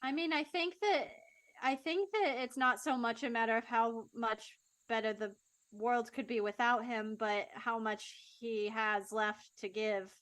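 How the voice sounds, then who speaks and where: Higher-voiced woman in a dry room. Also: fairly even intonation, unhurried, fairly bright tone, no echo. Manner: playful, rambling, trails off. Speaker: player. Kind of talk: tabletop role-play.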